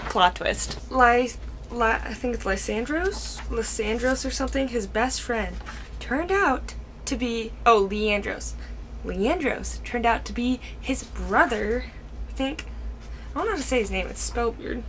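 A young woman chatting casually on her reading vlog, talking excitedly with lots of fillers while recording at home on a camera on a stand. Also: a little high, moderate pace, slight background noise. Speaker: book vlogger. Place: at home, reading late at night.

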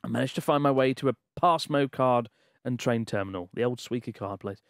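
A man's voice: medium pitch, fairly quick, no room sound. Amused man reading a letter. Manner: laughs through the reading, swears in disbelief. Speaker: podcast co-host. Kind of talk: casual chat, reading a listener letter aloud.

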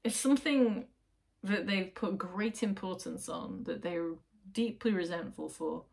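A woman's voice: fairly low pitch, unhurried, creaky, darkish tone. A woman reading tarot cards to camera at home, rambling and chatty, often breaking off mid-sentence. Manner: chatty, rambling, self-interrupting, emphatic. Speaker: tarot reader, channel host. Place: at home, lit by her computer.

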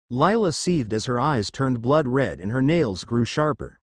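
A man's voice: medium pitch, animated, unhurried, few pauses, slightly rough, no echo, clean studio sound. A man narrating a fan fiction story in a plain reading manner.

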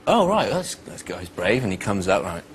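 A man's voice: on the low side, very animated, normal speed, heavy background noise. Playful young Englishman telling stories. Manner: playful, mimics people in his anecdotes. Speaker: actor sharing behind-the-scenes stories. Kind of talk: casual storytelling.

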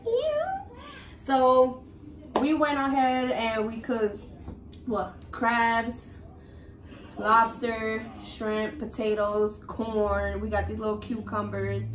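A woman's voice: a little high, slight background noise. A young woman hosting her vlog, chatting upbeat and straight to her viewers. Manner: upbeat, addresses viewers directly. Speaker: vlog host. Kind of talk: casual chat to viewers. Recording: echoey room, mic at a distance, faint music.

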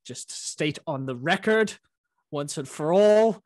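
A man's voice: a little high, animated, takes it slowly, dry recording. A young man with a hybrid English-American accent, answering interview questions with many restarts and a wry tone. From born in England, raised in Florida. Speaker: guest, magazine editor.

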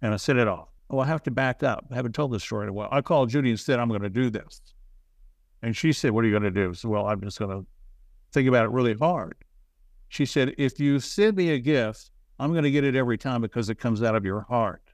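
A man's voice: mid-range voice, no room sound. Guy rambling thru a story, lots of restarts, pokes fun at himself, dry close mic. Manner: rambling, halting, self-deprecating. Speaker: interview guest. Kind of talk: casual storytelling.

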